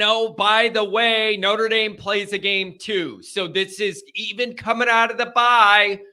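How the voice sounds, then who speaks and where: A man hosts a sports talk show with a high, bright voice, ranting brashly and sarcastically about rival teams. He speaks at an unhurried pace and pushes his bias loudly. Faint music plays behind him. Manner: brash, loud, sarcastic, openly biased.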